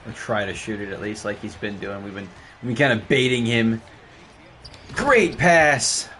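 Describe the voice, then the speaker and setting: A young man streaming a basketball video game, talking live over his play, excitable and trash-talking with sudden high yelps. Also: moderate pace, a little hiss or hum. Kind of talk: live gameplay commentary.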